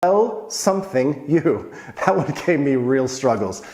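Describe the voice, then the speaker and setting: Speaking unhurriedly in a medium-pitched, slightly mellow voice with big pitch swings, this video host walks through Polish expressions. He's chatty and shares personal stories along the way, and the room has an echo.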